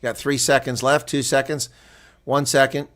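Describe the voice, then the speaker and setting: A man calls a rugby match live for his viewers, and his voice climbs to a shout when a runner breaks through. Between plays he drops into relaxed, chatty reaction and answers comments from his chat. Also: mid-range voice, normal speed.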